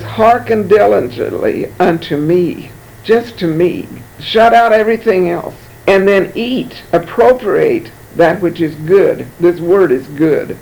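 Mężczyzna wygłaszający kazanie, wysoki, chropawy głos. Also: male voice, sits high, vocal fry, rough recording. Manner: reads verses aloud then comments warmly, repeats words. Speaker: preacher. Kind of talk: sermon with scripture reading.

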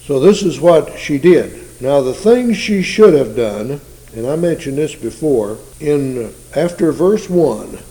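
A man's voice: on the high side, lively intonation, slow, mellow, rough recording. A man preaching a sermon in a folksy, conversational teaching style, asking his listeners rhetorical questions.

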